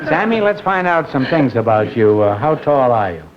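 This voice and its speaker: A man's voice: medium pitch, sing-song, moderate pace, heavy background noise. A man hosting a quiz show, teasing his guests with dry quips and joking questions. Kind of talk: wisecracking quiz show banter. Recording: muffled 1950s TV audio with loud studio audience.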